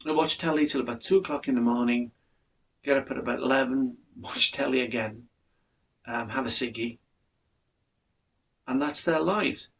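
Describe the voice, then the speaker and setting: Gravelly older man musing. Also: mid-range voice, fairly bright tone, far from the mic, a little hiss or hum, poor audio. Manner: earnest, measured, with repeated restarts. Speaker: podcast speaker. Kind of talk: reflective monologue.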